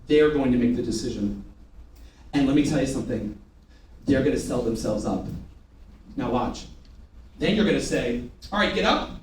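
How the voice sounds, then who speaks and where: A man's voice: mid-range voice, moderate pace, long pauses. A man running a live sales training, firing rhetorical questions and getting the room to repeat after him. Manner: energetic, rhetorical questions, call-and-response with the room. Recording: echoey room from far off, faint noise.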